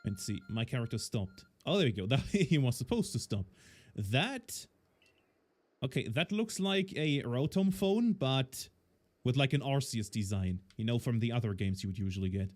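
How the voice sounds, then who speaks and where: A man's voice: mid-range voice, lively intonation, normal speed. A man casually commenting on a game as he plays, thinking aloud with lots of fillers. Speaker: game streamer.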